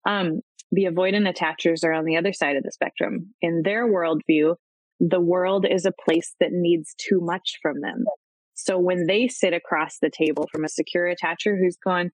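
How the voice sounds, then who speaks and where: Woman, lowish voice, chatty expert, acts out quotes, dry close sound. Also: steady tone, moderate pace, no room sound, rough recording. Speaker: guest expert on attachment. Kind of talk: conversational explaining.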